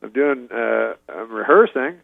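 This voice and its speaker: Deadpan man rambling through a story. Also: medium pitch, unhurried, creaky, dry recording. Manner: rambling, deadpan, with frequent chuckles. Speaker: guest comedian. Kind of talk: casual anecdotal storytelling. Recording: dull lo-fi radio audio.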